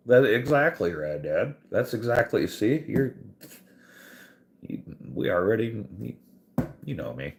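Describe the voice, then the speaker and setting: A man's voice: mid-range voice, sing-song, a little slow, vocal fry, pauses often. A man telling a profane, exasperated story on a casual podcast, laughing often as he goes. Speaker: podcast host.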